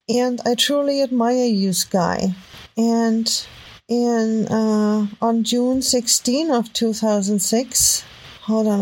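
A woman with a strong German accent talks through her findings in a casual podcast. Her voice sits a little high, and she stops, restarts and fills gaps with ums as she thinks aloud. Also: low-quality recording. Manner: halting, thinks aloud with many fillers and restarts. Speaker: podcast host. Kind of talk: casual commentary while browsing web posts. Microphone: home microphone.

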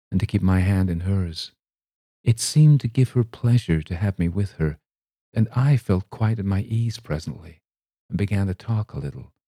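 Deep, mellow male story reader. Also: no echo, clean studio sound. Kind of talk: storybook reading.

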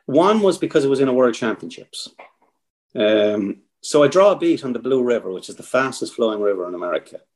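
An Irish man being interviewed as team captain, telling stories in a lively, casual way and swearing freely. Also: medium pitch, fairly quick. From Ireland. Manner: animated yarn-spinning, swears freely, frequent restarts.

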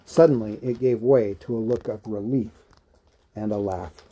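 An audiobook reader, a man with a lowish voice and a breathy edge, reads a novel aloud in a measured, even storytelling manner.

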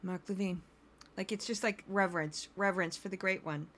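A woman hosting a podcast of comedic political commentary, talking in a sarcastic, animated way. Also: mid-range voice, brisk. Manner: sarcastic and animated, slips into voices. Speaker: podcast host.

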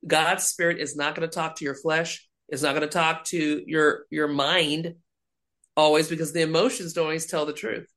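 A woman's voice: deep voice, moderate pace. An ordained woman minister, a guest in a faith interview, telling stories and acting out the voices she quotes. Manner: animated, acts out quoted voices.

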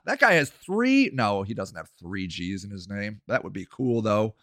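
A man's voice: on the low side, big pitch swings, normal speed, few pauses, a bit bright, dry recording, clean studio sound. Furious, foul-mouthed male ranter. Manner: angry, profane ranting. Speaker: political commentator. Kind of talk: livestreamed rant.

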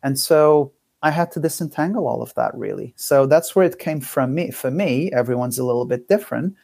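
A man talking as a podcast guest, thoughtful and candid, speaking in halting phrases with frequent restarts. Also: medium pitch, creaky, a little mellow, no echo. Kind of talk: reflective conversational interview.

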